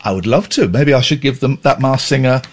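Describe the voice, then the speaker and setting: A man's voice: mid-range voice, brisk. A man hosting a late-night radio show, joking and self-mocking, rambling with restarts into a studio microphone. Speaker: radio host.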